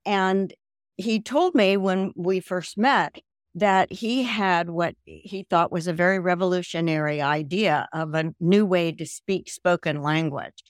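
An older woman from the American South, a guest on a video-call interview, telling her story in a lively way and mimicking voices. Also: on the low side, a little slow, no echo, studio quality. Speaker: guest, language program founder.

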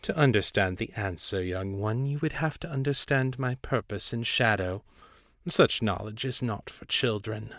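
A man voicing a cold, patronizing ancient devil prince with a low, unrelenting voice. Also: expressive, measured pace, a bit bright, no room sound, clean studio sound. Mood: condescending.

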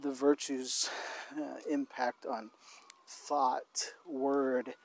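Gravelly-voiced man co-hosting a podcast. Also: medium pitch, flat delivery. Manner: thoughtful, halting, often restarts phrases. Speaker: podcast co-host. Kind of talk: casual conversational podcast.

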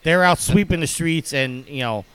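A man co-hosting a casual gaming podcast, teasing his co-hosts and filling pauses with ums and uhs. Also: a little high, fairly bright tone, clear, resonant tone, low-quality recording. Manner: teasing, hesitant with many fillers. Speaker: podcast co-host.

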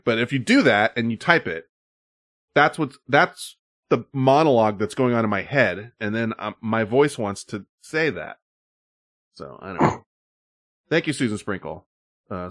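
A stream co-host with a lowish, animated, fairly bright voice chats casually at normal speed, swearing often and rambling through loose asides and fillers. The recording is dry with clean studio sound.

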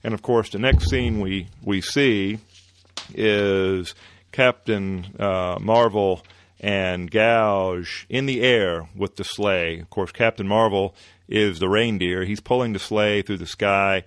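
A man hosting a podcast, retelling an old comic-book story in a relaxed way with many fillers. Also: fairly low pitch, takes it slowly, no room sound, clean studio sound. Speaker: podcast host.

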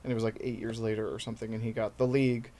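A man's voice: on the low side, little pitch movement, racing, warm tone. A man in his thirties, a stand-up comedian chatting as a podcast guest, telling rambling, self-deprecating stories. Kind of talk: casual podcast chat.

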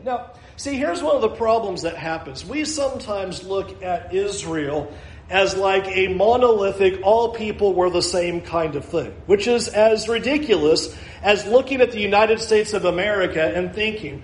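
Male preacher, high voice, animated delivery, roomy echo. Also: normal speed. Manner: animated, acts out quoted voices, wide swings in pace. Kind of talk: sermon. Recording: echoey room.

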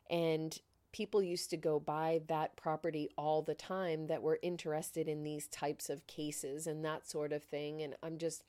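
A woman with a fairly low voice talks casually into the mic. She tells her story with plenty of animation, slips into the voices of the people in it, and laughs often. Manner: animated, laughing, acts out quoted dialogue. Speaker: podcast host.

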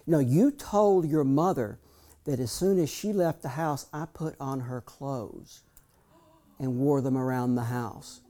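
A woman's voice: extremely low pitch, measured pace, dark tone. A man voicing an elderly woman, his former childhood maid, who is stern and resentful. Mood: accusing. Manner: blunt, grudging, scolding.

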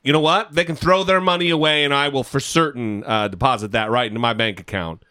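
A man's voice: mid-range voice, quick pace, clean tone, dry recording, clean studio sound. A man co-hosting a podcast in casual chat, swearing freely and joking about himself. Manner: profane, self-deprecating, animated. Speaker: podcast co-host.

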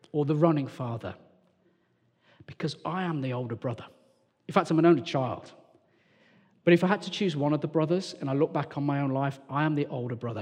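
A man from England preaches with a fairly high voice, swinging between bright, animated storytelling and low, hushed asides. His voice carries a long reverb from a church hall. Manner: animated storytelling, acts out characters, drops to hushed tones. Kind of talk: lively sermon.

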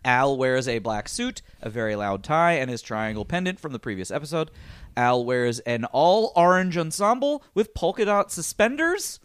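A man co-hosting a casual podcast chat, recapping an episode in an animated way, swearing and laughing often. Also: medium pitch, moderate pace, clear, resonant tone, no room sound.

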